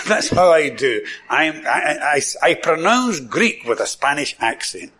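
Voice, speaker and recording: Scottish guy preaching, slow and bright, chuckles a lot, repeats stuff for emphasis. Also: a little high, sing-song, husky. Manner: enthusiastic, repeats words for emphasis, chuckles often. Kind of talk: sermon.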